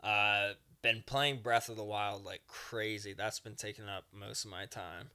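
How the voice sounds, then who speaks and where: A man's voice: fairly low pitch, steady tone, unhurried, pushed and bright. A man co-hosting a podcast in casual chat, rambling through a story and acting out characters in passing. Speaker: podcast co-host.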